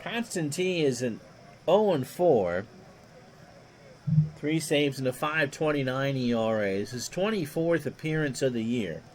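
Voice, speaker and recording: Doing play-by-play on a replayed ball game, a man reads stats in a steady run and jokes with chat between plays. His voice is medium-pitched and a little slow, with a little hiss or hum.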